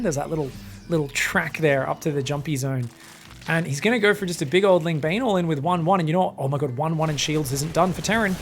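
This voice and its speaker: A young man commentates a strategy game match solo, his voice sitting high and jumping even higher when the action turns. He is irreverent and foul-mouthed, riffing jokes between plays, with faint music running underneath. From Australia. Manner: excitable, crude, jokey, swears freely. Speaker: esports caster.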